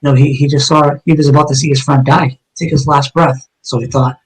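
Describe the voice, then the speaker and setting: Brisk and husky, with a fairly high pitch that barely moves, a Massachusetts man in middle age recounts his life as a retired detective during an interview. He's blunt and intense and curses a lot, and the recording is rough.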